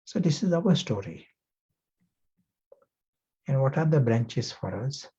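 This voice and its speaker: Slow, husky-voiced male spiritual teacher. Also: medium pitch, lively intonation. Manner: gentle, reflective, asks the class questions. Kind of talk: spiritual class talk with a parable. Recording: muffled lo-fi recording.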